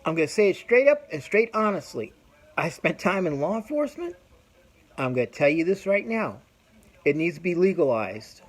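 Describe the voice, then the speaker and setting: On his podcast, a middle-aged man delivers a casual opinion rant in a voice on the high side with big pitch swings and a moderate pace. He's blunt and profane, rambling along and restarting often.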